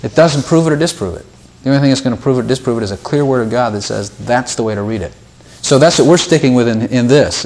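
This man's voice is medium in pitch with a somewhat dark tone. He's guiding an informal Bible study in an easygoing way, repeating words and going up in pitch for scripture quotes.

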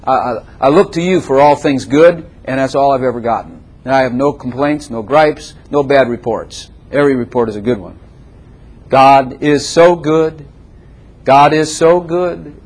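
An older man preaching a sermon as a pastor, emphatic and repetitive, swinging between loud declarations and softer asides. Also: medium pitch, fairly quick, hardly any pauses.

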